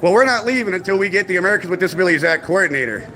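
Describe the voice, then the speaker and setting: A man's voice: high-pitched, lively intonation, rapid-fire, bright, forceful tone, slight background noise. A man confronting officials on camera, formally polite yet insistent and sarcastic, repeating 'sir' and 'ma'am'. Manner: sarcastic, needling. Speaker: activist filming an encounter with officials. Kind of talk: confrontational filmed exchange.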